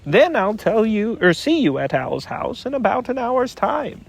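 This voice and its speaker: A man voicing a bossy, self-important male rabbit who gives orders briskly in a storybook reading. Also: high-pitched, sing-song, gravelly, breathy edge, pitched above the performer's own voice, full character voice.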